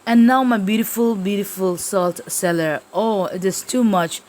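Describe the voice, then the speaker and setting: A woman's voice: on the high side, very animated, takes it slowly. A woman voicing a proud, fussy elderly lady who is in despair, reading her lines aloud in a lesson.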